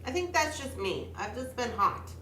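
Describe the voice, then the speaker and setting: This young jewelry-making streamer is pregnant and talks in a fairly high, sing-song voice with a sharp tone at normal speed. She keeps up casual chatter as she beads, greeting viewers by name and talking to herself, with a little hiss or hum in the audio.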